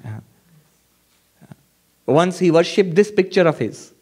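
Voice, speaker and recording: High-voiced man teaching at a retreat. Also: expressive, slow pace, darkish tone, breathy edge. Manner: emphatic, repeats points, asks rhetorical questions. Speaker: monk teaching at a meditation retreat. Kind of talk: spiritual lecture. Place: retreat hall before an audience.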